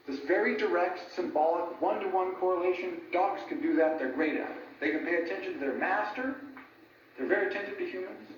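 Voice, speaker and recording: A man giving an informal lecture, animated, laughing at his own jokes and often asking "right?". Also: high voice, brisk, a little hiss or hum. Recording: echoey room from a distant mic, dull sound.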